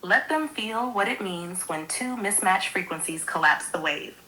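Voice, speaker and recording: A woman's smooth synthetic voice with a bright, clear tone. She delivers a scripted monologue in a sweet, theatrical, poetic manner, lingering on each phrase. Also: mid-range voice, expressive, measured pace, a little hiss or hum, rough recording. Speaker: AI companion co-host.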